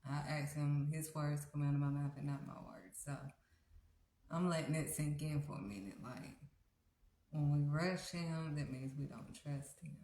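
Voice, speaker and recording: Low-voiced woman preaching casually. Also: normal speed, dark tone, slight background noise. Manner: earnest, repetitive, conversational. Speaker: faith livestream host. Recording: roomy echo.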